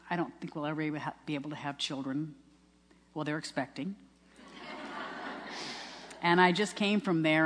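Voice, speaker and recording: A woman in her sixties giving a heartfelt personal testimony, telling her story earnestly with frequent restarts. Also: low voice. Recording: long reverb of a large hall.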